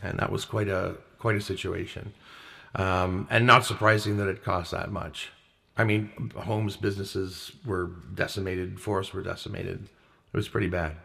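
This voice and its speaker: A man's voice: low voice, little pitch movement, normal speed, vocal fry, bright, forceful tone. A man co-hosting a casual talk show, reading out facts and list items and chuckling often. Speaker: co-host.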